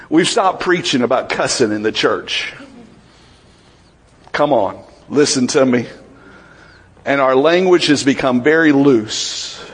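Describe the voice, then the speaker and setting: This man's voice runs a little high as he delivers a chatty sermon. He puts questions to the congregation and performs voices from the Bible.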